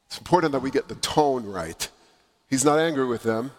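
A man preaching a sermon, with dramatic pauses and swelling emphasis. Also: medium pitch, expressive. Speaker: pastor. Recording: long reverb in a large hall.

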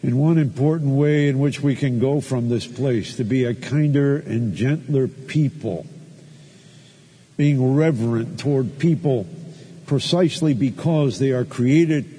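A man's voice: mid-range voice, a little slow, dark tone, husky, in a large hall. A man preaching a sermon in church, telling a personal story and then leading a closing prayer. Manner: storytelling, acts out his own raised voice in quoted arguments.

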